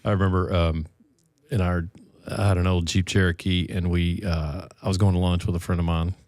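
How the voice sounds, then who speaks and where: A middle-aged man, a podcast co-host, telling relaxed, folksy stories in casual chat. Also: low-pitched, fairly quick, no room sound, clean studio sound. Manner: relaxed storyteller, folksy and self-deprecating.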